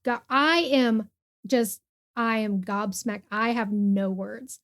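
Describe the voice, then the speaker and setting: A woman's voice: a little high, slow, fairly bright tone. A woman co-hosting a casual podcast chat, reacting emphatically and telling stories. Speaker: podcast co-host.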